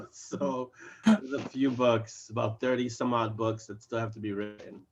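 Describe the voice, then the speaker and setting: Animated man on a dull video call. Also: mid-range voice, a little hiss or hum. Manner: animated, acts out his characters' lines in quick voices. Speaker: fantasy author, interview guest. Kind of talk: casual video chat interview.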